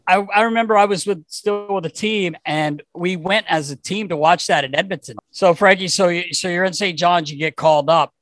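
A man co-hosting a podcast, a former player himself, asking eager, halting questions in casual chat. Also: high voice, fairly bright tone, no room sound, poor audio. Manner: enthusiastic, halting questions with restarts. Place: podcast studio.

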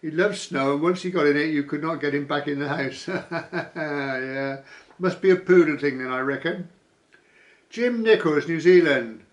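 A man's voice: on the high side, unhurried. A man vlogging casually, reading viewer comments aloud with dry asides and frequent chuckles.

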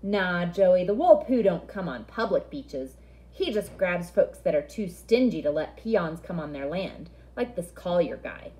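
A woman's voice: lowish voice, animated, a little slow, warm tone, poor audio. A woman doing a cocky teenage boy. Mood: teasing. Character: cocky teenage boy, teasing big brother.

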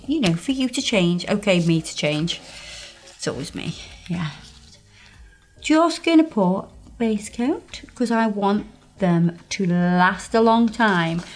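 A woman working as a nail technician, chatting playfully and teasing herself while she explains each step. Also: mid-range voice. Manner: playful, self-mocking, talks straight to the viewer. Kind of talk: chatty tutorial banter.

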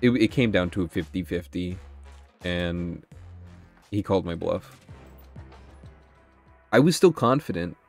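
A young man with a deep, low voice talks through a card game as he plays, thinking aloud and swearing freely when things go wrong. Soft music plays faintly underneath. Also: expressive, unhurried, creaky, long pauses. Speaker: gaming channel host. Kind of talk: live gameplay commentary.

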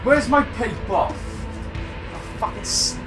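A man's voice: very high-pitched, a little slow. A man giving live gameplay commentary, ranting and swearing in exasperation at a friend and the game. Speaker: gaming streamer. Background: game music and sounds.

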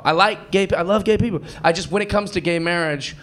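A man performing stand-up comedy on a club stage, telling stories with animated, mocking voices and a self-assured delivery. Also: sits high, fast talker, few pauses. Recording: loud crowd noise, club ambience.

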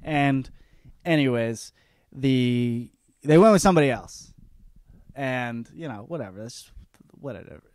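A man's voice: medium pitch, measured pace, long pauses, a little mellow, dry recording, studio quality. A young man hosting his own podcast, talking in a cocky, profane, rambling comic monologue full of restarts. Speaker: podcast host.

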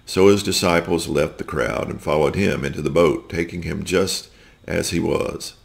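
Very deep, gravelly man reading scripture. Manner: slow, deliberate reading with small slips. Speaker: scripture reader. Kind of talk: reading aloud a scripture story.

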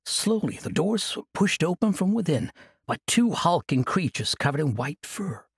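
A man narrating a fantasy audiobook in an expressive storytelling manner. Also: on the high side, moderate pace, creaky, husky, no room sound, studio quality.

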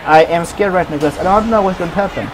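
A man's voice: high-pitched, fast talker, some chatter behind, slight background noise. A man giving profane commentary over his own gameplay, trash-talking opponents. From Sweden. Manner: swears a lot, trash-talks opponents. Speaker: gaming commentator.

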